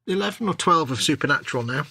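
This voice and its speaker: A man's voice: fairly high pitch, animated, quick pace, creaky, a crowd in the background. A man chatting casually and telling wry stories while he works as co-host of a live stream. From England. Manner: chatty, storytelling, wry exaggeration. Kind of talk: casual chat while working. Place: home workshop.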